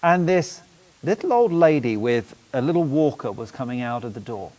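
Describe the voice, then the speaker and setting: A man's voice: medium pitch, normal speed. A man with an English accent, a film studio co-founder, telling stories in a casual interview and acting out quoted remarks. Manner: animated, acts out quoted remarks. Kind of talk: casual storytelling in conversation.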